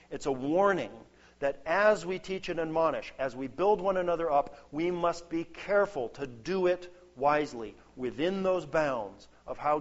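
A man preaching a sermon, earnest and emphatic, building points through lists. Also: a little high. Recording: dull lo-fi sound.

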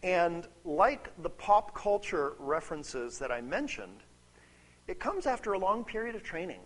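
A man preaching a sermon, conversational and animated, often checking in with "right?" and reading scripture aloud. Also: high voice, a little slow. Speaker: pastor.

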